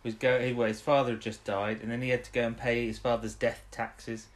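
A man's voice: medium pitch, level tone. Rambling man recapping on a podcast. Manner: rambling recap, acts out lines in quick voices. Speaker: podcast co-host. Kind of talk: casual chat.

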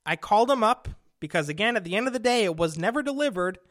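A man's voice: high-pitched, animated, quick pace, fairly bright tone, no room sound. A young adult man hosting a radio show, telling a long story with fillers and rising exasperation, speaking into a studio microphone. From Connecticut. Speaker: radio host. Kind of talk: casual storytelling monologue.

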